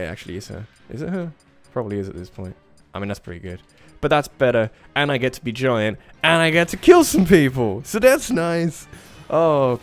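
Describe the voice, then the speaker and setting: Swearing man streaming a game. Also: fairly low pitch. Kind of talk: casual gaming commentary. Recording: faint game music behind.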